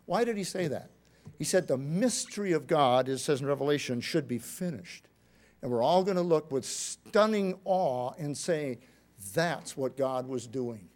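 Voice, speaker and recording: A man preaching a sermon, with an emphatic delivery that rises loud and drops low. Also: expressive, unhurried. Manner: emphatic, rising and falling delivery.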